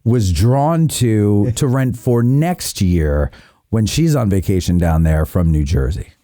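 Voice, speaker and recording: A male podcast host in casual chat, an animated storyteller who acts out the voices. His pitch moves a lot, and his tone is mellow. The sound is dry and close. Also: slow, dry recording.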